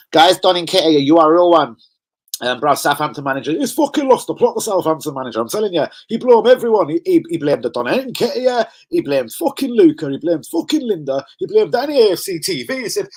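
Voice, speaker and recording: A man chatting excitably as a football fan vlogger, full of slang and swearing. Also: fairly high pitch, brisk, slightly rough, poor audio. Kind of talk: casual fan chat.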